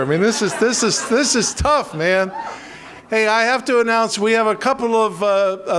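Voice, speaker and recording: A man with a notably high voice emcees a political rally, stumbling through restarts and tossing in self-deprecating jokes. He is from western Pennsylvania and keeps things loose between speakers. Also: fairly bright tone, a little hiss or hum.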